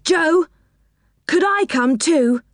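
A woman voicing an excitable small boy who pleads and cries out warnings in a storybook reading. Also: very high voice, extremely slow, no room sound, studio quality, pitched above the performer's own voice, exaggerated voice. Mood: pleading. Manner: squealing, pleading and alarmed.

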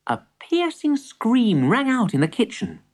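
A woman reading a children's story aloud, an expressive storyteller. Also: fairly high pitch, a little slow. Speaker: narrator.

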